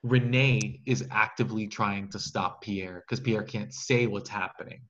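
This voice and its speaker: A man in a casual group brainstorm, calmly building on the others' ideas. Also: lowish voice, measured pace, dull audio.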